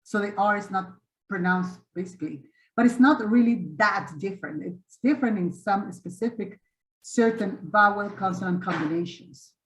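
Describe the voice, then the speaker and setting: A woman's voice: mid-range voice, reverberant. Woman teaching English vowels. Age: 50s. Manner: patient, demonstrative, repeats and models vowel sounds slowly. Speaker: English teacher hosting a webinar. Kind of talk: online teaching webinar. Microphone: video call. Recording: lo-fi video call audio.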